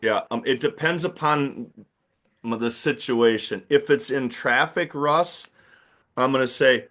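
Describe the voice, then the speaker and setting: A man's voice: mid-range voice, a little slow, pushed and bright. A man teaching new basketball officials in a plain-spoken, emphatic way, acting out the calls he makes on court. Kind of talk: instructional talk to new officials.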